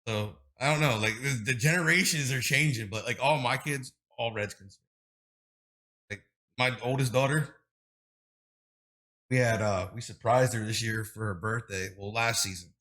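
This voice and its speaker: A man in his thirties with a mid-range voice, speaking at a moderate pace. He's a streamer appearing as a podcast guest, spinning long, rambling stories in casual conversation. His telling is animated and loaded with fillers.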